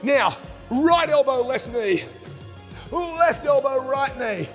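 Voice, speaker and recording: A man's voice: very high voice, expressive, slow, fairly bright tone. Upbeat Australian man coaching a workout. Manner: upbeat, encouraging, calls out counts and cues. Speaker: fitness instructor. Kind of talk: coaching a follow-along workout. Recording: long reverb, music behind.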